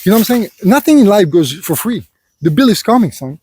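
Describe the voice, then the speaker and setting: A man's voice: high voice, sing-song, fast, mellow, a little hiss or hum. A man speaking in an unscripted personal monologue, rambling and full of filler phrases as he lectures the listener and calls him "son". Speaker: vlogger.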